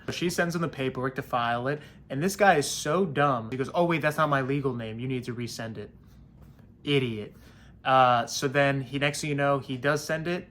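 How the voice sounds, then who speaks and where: A man's voice: mid-range voice, slight background noise. A young man telling a story in casual vlog style, acting out the other people's lines and getting blunt about his landlord. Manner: animated storyteller, acts out quoted voices, blunt and petty.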